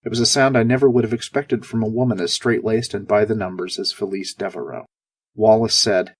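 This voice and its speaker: Brief: low, husky male narrator, dry dark humor, first-person audiobook. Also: fairly even intonation, fairly quick. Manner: sardonic, darkly comic.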